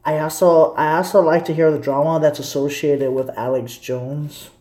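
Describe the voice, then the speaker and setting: A man's voice: on the high side, fairly even intonation, moderate pace, dark tone. Rambling blunt man, roomy echo. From Texas. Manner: opinionated, blunt, swears casually. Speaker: live streamer chatting with viewers. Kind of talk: rambling casual live-stream chat.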